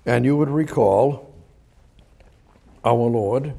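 Male preacher, mellow voice, conversational sermon with rhetorical questions, swings from emphatic to hushed. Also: medium pitch, takes it slowly, vocal fry, slightly rough.

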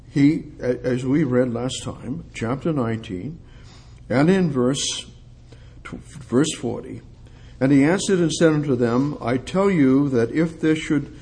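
A man preaching an expository sermon, reading scripture aloud, loud and emphatic at times, then dropping low and quiet.

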